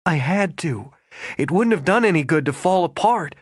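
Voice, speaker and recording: A guarded, proper young woman who is quick to bristle, as a male narrator puts her on. The voice sits high and lively, rising and falling sharply. It is recorded close and dry, in an audiobook. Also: no room sound. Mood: pleading. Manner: indignant, clipped, rising to a high pitch. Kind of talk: audiobook character voice.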